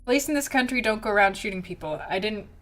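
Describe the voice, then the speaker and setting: A woman reading a guilt-ridden detective's narration from a story game, in a low, even way. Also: fast, soft background music, lightly acted. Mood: remorseful.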